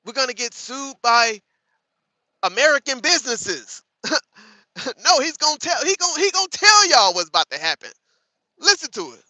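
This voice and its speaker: Speaking at a moderate pace with frequent pauses, a livestream host with an extremely high, sing-song, bright and forceful voice reacts to clips and goads his chat. He's profane and combative, repeating lines for emphasis, and the recording is dry and rough.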